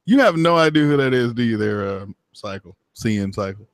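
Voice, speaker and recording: A man's voice: medium pitch, expressive, brisk, dry recording, clean studio sound. A man hosting a live call-in show, chatting casually, swearing and laughing often. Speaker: livestream host taking callers. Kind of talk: casual profane chat.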